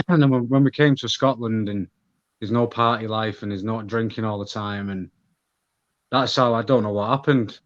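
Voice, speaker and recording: A man's voice: fairly low pitch, normal speed, dull audio. A man with a Manchester accent, a guest talking candidly in casual chat, rambling with restarts. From Manchester, England.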